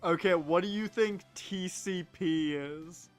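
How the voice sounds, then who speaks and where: A man's voice: high-pitched, slow pace, soft background music. A man streaming a video game, making joking, sarcastic casual commentary. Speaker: let's play streamer.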